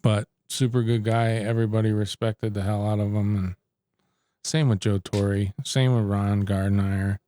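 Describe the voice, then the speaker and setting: A middle-aged man, a former baseball pitcher, telling stories casually in an interview and acting out quoted exchanges. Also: normal speed, no echo. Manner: animated storyteller who acts out quoted exchanges.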